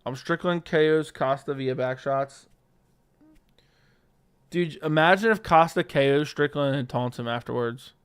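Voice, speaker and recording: A man with a slightly high, clean-toned voice speaks at a measured pace as a livestream host. He reads viewers' questions aloud and answers offhand, swearing freely into his studio dynamic microphone.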